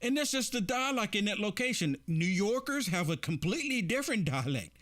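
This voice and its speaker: A man with a high voice hosts a commentary show and reacts to clips. He talks emphatically and keeps repeating rhetorical questions to his audience. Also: very animated, a little fast, a bit bright. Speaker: political commentary host.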